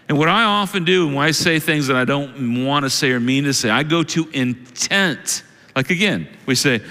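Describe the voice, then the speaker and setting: A male pastor preaching in a big church hall, his bright, fairly high voice ringing with a long reverb. He swings his pitch widely as he plays out the excuses people make. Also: normal speed. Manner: acts out quoted excuses in animated voices. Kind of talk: sermon.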